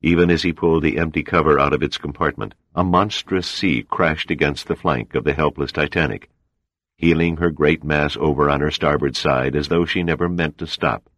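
A man reading a thriller novel aloud in a steady, measured way as an audiobook narrator. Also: rumbling low, dry recording, clean studio sound. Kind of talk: scripted narration.

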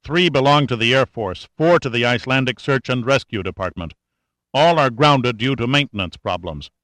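A man's voice: medium pitch, expressive, fairly bright tone, no echo, natural voice. A man voicing a weary, grim admiral. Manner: measured and grim. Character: weary, grave male admiral on the radio.

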